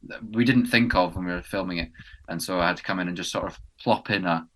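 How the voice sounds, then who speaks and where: Young English man, bright chatty tone. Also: low-pitched, fast talker, a little hiss or hum. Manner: rambling, many ums and restarts. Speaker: podcast co-host and actor. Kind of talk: casual chat. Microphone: podcast mic indoors.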